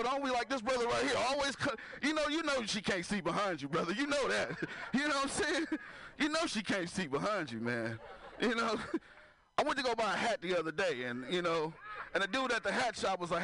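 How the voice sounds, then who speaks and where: A man's voice: high voice, lively intonation, a little fast, pushed and bright. A man doing a stand-up comedy set, working the crowd loosely and laughing at his own jokes.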